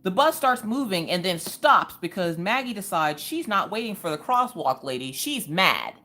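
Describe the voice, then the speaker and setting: A woman's voice: lowish voice, normal speed. A woman hosting a craft live stream, telling a family story with sarcasm and acting out the people in it. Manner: animated, sarcastic, acts out the people in her stories.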